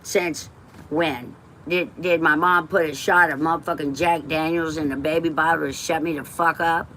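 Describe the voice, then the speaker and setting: A woman's voice: low voice, steady tone, moderate pace, a bit bright, a little hiss or hum. A woman from West Texas, livestreaming and telling rambling personal stories in a blunt, emotional way, swearing freely and drifting off topic.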